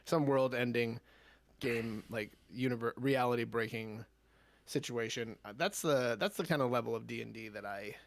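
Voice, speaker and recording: Gravelly-voiced man chatting casually. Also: medium pitch, normal speed. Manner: rambling, laughs easily. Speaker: podcast co-host. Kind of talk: casual chat. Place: home room.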